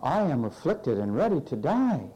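A man's voice: a little high, normal speed, breathy edge, low-quality recording. A man preaching a sermon, reading scripture aloud and mockingly acting out the complaints of the person in the verses. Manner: animated, sarcastic, acting out quoted complaints.

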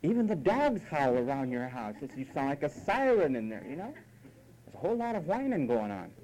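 A man's voice: on the high side, big pitch swings, fairly quick, mellow, slight background noise, rough recording. A man preaching a sermon, emphatic and mocking, at times imitating whiny voices.

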